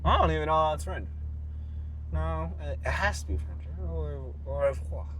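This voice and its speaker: A man's voice: a little high, lively intonation, moderate pace, a bit bright, slight background noise. Profane rambling man vlogging from a car. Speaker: fitness vlogger. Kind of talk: casual vlog rant.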